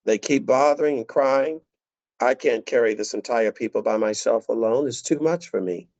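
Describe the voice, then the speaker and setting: A man preaching a sermon as a pastor in a conversational, animated way. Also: medium pitch, normal speed. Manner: conversational, animated, laughing asides. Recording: dull lo-fi dry recording.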